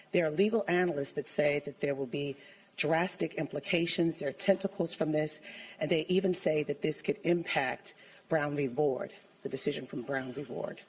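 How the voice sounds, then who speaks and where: A woman reporter putting an earnest, measured question at a press conference. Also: sits low, breathy edge, low-quality recording.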